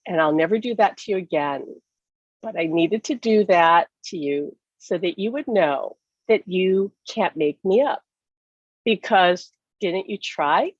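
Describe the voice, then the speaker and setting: A woman's voice: no echo, muffled recording. A woman telling an earnest, emotional personal story in a conversation over a video call. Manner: earnest and emotional, pitch leaps up when reliving distress. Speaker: summit speaker.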